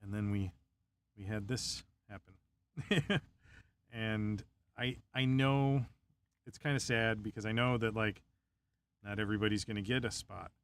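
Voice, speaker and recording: A man's voice: fairly low pitch, fairly even intonation, measured pace, long pauses, a bit bright, clear, resonant tone. A young man on a casual live stream, chatting in a laid-back way, chuckling often and muttering to himself as he builds a model.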